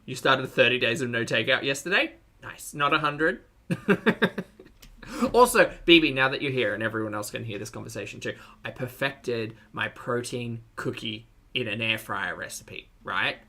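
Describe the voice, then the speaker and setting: Bright-voiced Australian commentator, wry. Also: medium pitch, expressive, moderate pace. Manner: wry, teasing, thinks aloud with asides. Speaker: reaction commentator. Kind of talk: casual commentary over a played video.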